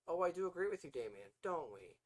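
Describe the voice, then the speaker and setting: A man's voice: on the high side, very animated, fast, pitched above the performer's own voice, rough recording. A man voicing a sly, smug male demon in a read-aloud story, purring and mock-sympathetic.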